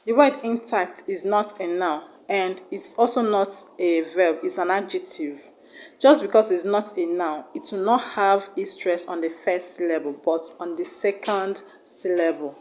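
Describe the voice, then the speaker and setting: A woman's voice: on the low side, measured pace, darkish tone, rough recording. A woman with a Nigerian accent teaching an online exam-prep lesson, patiently repeating each word and sounding it out syllable by syllable. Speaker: English teacher.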